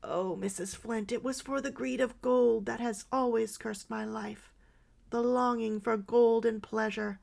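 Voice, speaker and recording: A woman reading as a dying woman in her fifties, begging for prayer and confessing an old wrong. The voice is gravelly and breaks upward when pleading, as in a storybook audiobook. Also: fairly high pitch, steady tone, measured pace, a little mellow.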